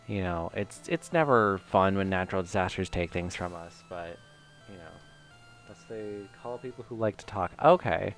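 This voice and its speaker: A man from Michigan talks his way through a video game stream in a rambling, self-mocking, filler-heavy style, his voice sitting a little low. Faint music plays underneath him. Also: animated, normal speed. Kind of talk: casual let's-play commentary.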